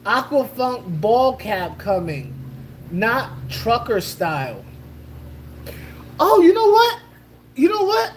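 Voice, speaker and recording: A woman's voice: a little high, sing-song, slow pace, long pauses, a little hiss or hum. A woman hosting a casual livestream, joking loosely with slang, laughing and greeting chatters by name. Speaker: livestream host.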